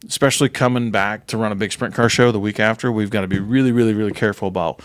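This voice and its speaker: Low-voiced man rambling on a race podcast. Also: fairly even intonation, clear, resonant tone, no echo. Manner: rambling, joking, quick to tease. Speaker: speedway promoter and podcast co-host. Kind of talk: casual podcast chat.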